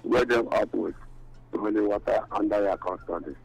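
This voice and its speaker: A man's voice: lowish voice, normal speed, creaky. A Nigerian man phoning a radio show, calling out long greetings to listeners by name. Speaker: caller. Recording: phone call into radio show with music.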